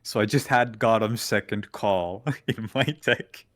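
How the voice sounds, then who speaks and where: A man's voice: on the low side, measured pace. A young man co-hosting a casual chat about a card game, teasing, laughing, and swearing bluntly. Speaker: co-host.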